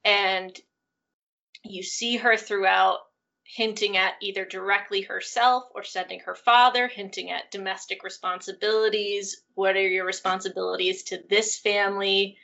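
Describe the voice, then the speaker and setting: Gravelly bright-voiced woman discussing film. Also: medium pitch, level tone, normal speed. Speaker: podcast co-host. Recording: dull lo-fi audio.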